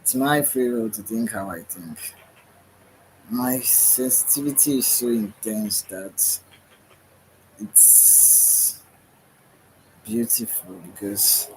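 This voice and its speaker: This livestream host is a man with a fairly low voice who speaks slowly and leaves long pauses, heard through poor audio with a little hiss or hum. Tired and yawning, he drifts through a rambling spiritual monologue, groping for words and saying "right?" again and again.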